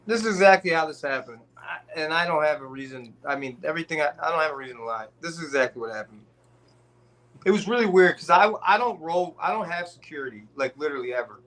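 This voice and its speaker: A man's voice: fairly high pitch, expressive, fast, fairly bright tone. A man telling a long story in casual podcast chat, rambling with restarts and swearing. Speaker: guest rapper telling a story.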